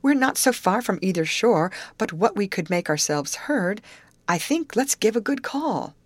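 A woman voicing Grace, an impulsive, excitable young woman who speaks in emphatic exclamations. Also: medium pitch, a little slow, dry recording, voice pushed up, natural voice. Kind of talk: storybook dialogue reading.

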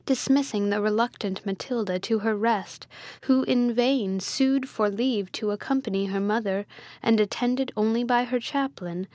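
A woman reading a Gothic novel aloud in a measured, even storytelling manner. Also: fairly high pitch, no room sound, studio quality. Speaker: audiobook reader.

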